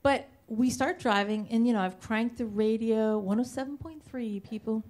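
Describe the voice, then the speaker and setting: Woman storyteller on stage, kinda high voice, chatty and poking fun at herself. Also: normal speed, darkish tone. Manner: chatty, self-mocking, full of restarts and quoted voices. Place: stage at a live storytelling show.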